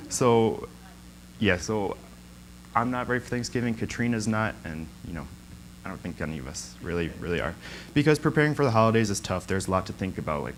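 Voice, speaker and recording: Speaking as a guest at a church, this young adult man tells a story in an informal sermon, his voice sitting on the low side. He chats freely, fills pauses with plenty of ums, and laughs frequently, all over some background noise.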